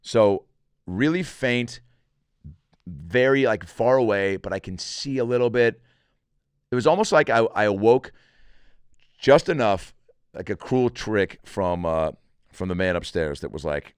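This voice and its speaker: A middle-aged comedian with a low voice, recorded close and dry with no room sound. He tells a story casually and profanely, animating the people he quotes. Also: animated, measured pace, long pauses, clean tone, no echo. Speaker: comedian podcast host.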